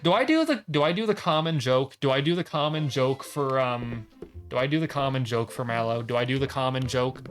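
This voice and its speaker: A man's voice: mid-range voice, fairly quick, soft background music. A man streaming a video game, joking in casual commentary and reading the dialogue aloud in silly voices.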